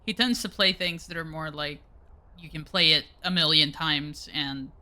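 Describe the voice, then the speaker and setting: A woman in casual chat about a game with her friend, laid-back and quick to laugh. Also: low voice, pushed and bright. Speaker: co-host friend.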